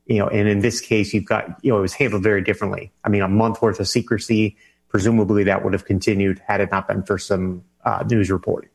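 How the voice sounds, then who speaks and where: Male reporter guest, low voice, halting with fillers and restarts. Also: little pitch movement, creaky, breathy edge. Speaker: national security reporter, interview guest. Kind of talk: news interview answers.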